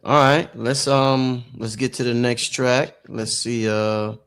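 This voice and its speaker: A man hosting an album listening party in casual chat, introducing tracks in a relaxed, halting way with many fillers. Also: mid-range voice.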